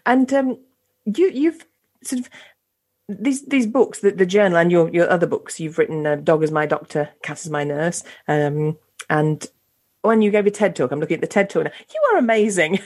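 A woman's voice: on the low side, moderate pace, a little mellow. A woman podcast host, enthusiastic and affirming toward her guest. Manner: enthusiastic, affirming, laughs easily. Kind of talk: podcast interview conversation.

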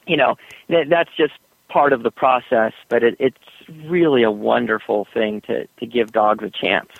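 A man being interviewed as an author, telling stories with frequent laughs and lively shifts in tone. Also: normal speed, vocal fry, no echo. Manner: animated storyteller, laughs often, puts on high doggy voices. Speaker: author guest. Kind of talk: interview over the phone. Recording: tinny phone line.

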